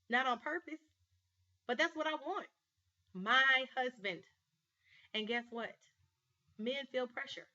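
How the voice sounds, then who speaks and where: Earnest bright-voiced woman telling a story. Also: medium pitch, highs cut off. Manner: earnest, storytelling, emphatic with rising bursts. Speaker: life coach and show host. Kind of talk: personal vlog monologue.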